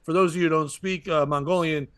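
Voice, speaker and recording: A man's voice: fairly high pitch, steady tone, fast talker, smooth, dry recording, studio quality. A man, a comedian and podcast host, tells a rambling stand-up story and acts out other people's lines as he goes.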